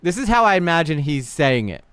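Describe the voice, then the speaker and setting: A man hosting a casual livestream reaction, animated and blunt, swearing freely while talking to his chat. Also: on the high side, fairly quick, smooth, dry recording. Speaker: livestream host.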